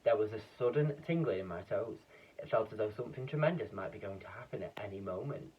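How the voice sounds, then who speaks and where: A man reading a children's book aloud in a lively, expressive way, with a few slips and restarts. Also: on the low side, quick pace, a little hiss or hum. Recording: dull, distant lo-fi recording.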